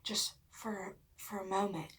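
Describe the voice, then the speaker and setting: Slow-talking bright-voiced woman vlogger. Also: medium pitch, steady tone, slightly rough. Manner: chatty, swears often, fills speech with "like"; drops into hushed whispers for dramatic moments. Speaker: mukbang vlogger. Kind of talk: casual storytelling while eating.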